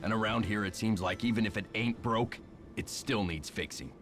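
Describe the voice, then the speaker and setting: A man's voice: on the low side, moderate pace, natural voice. An actor playing a grumbling, put-upon male caretaker of a castle in a mystery game. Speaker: game character. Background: game music.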